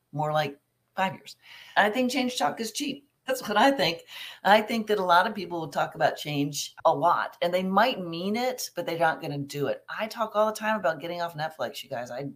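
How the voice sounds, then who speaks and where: A middle-aged woman coaching families on recovery, chatting candidly while she answers viewer questions. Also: deep voice. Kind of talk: live Q&A advice talk.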